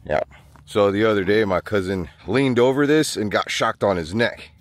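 A man vlogging casually outdoors on his small farm, chatting to the camera and talking to his animals in a high coaxing voice. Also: expressive, moderate pace. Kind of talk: casual vlog chat.

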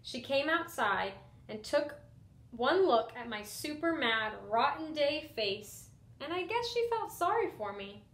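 An expressive young woman teacher reads a children's picture book aloud in a lively first-person storytelling style. Her voice sits fairly high, and the recording has a roomy echo. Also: slow.

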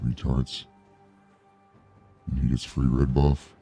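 A man's voice: a bass voice, flat delivery, takes it slowly, creaky, dark tone, slightly rough, soft background music. A man streaming a video game, giving live commentary and ranting angrily and profanely at his teammates.

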